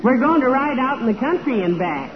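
An actress playing a patient, dry-witted wife who gently teases, in a 1940s radio comedy. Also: female voice, high-pitched, sing-song, brisk. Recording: tinny old radio broadcast before a studio audience.

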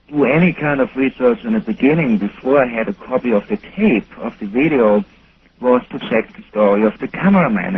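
German-accented man on a phone line. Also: medium pitch. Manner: earnest, slightly halting non-native phrasing. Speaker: guest researcher. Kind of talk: call-in radio interview. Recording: thin telephone line with faint hiss.

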